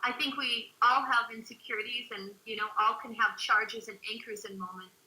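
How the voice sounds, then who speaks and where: A woman co-hosting a relationship webinar, speaking earnestly and reflectively, at times softly. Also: fairly high pitch, steady tone, moderate pace, reverberant, poor audio. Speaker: co-host. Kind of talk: webinar talk.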